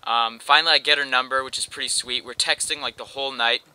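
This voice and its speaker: Bright, slangy young Canadian guy telling a story. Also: mid-range voice, fairly even intonation, fast, smooth, rough recording. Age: young adult. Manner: rambling, slangy, with lots of "like". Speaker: gameplay commentator. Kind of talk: casual storytelling over gameplay.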